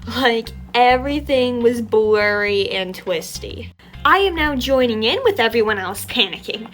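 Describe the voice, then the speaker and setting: A young adult woman telling a story from her childhood in an animated, chatty, self-mocking way, while still a little sick. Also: fairly high pitch, measured pace, faint music behind. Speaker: storytime vlogger. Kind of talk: casual storytelling.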